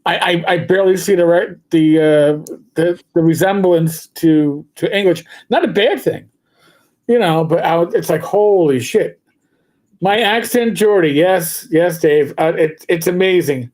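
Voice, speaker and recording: A man's voice: on the high side, unhurried, darkish tone. A middle-aged man co-hosting a casual chat, telling stories and stumbling over repeated words. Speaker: co-host, former police officer.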